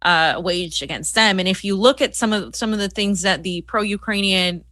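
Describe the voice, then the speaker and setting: A woman co-host speaks in heated, scornful political commentary, often restarting her sentences. Her voice is bright and forceful. The sound is dry and close. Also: mid-range voice, moderate pace, dry recording.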